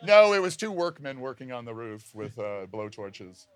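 A man's voice: mid-range voice, big pitch swings, normal speed, dry recording. A man from the audience at a live show, telling a story in an amused, self-mocking way.

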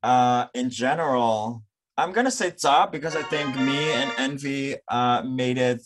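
A man's voice: mid-range voice, unhurried, soft background music. Dutch-accented man chatting animatedly. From Netherlands. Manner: animated, laughing, self-mocking storyteller. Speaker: podcast guest. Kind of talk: casual chat.

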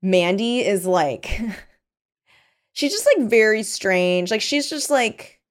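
A young woman co-hosting a casual book discussion, animated and quick to laugh. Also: medium pitch. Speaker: podcast co-host.

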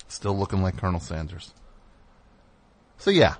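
Rambling male radio host, pitch jumping. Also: moderate pace, long pauses. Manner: rambling and self-interrupting, pitch jumping up when worked up. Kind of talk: candid monologue on a call-in show. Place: radio studio.

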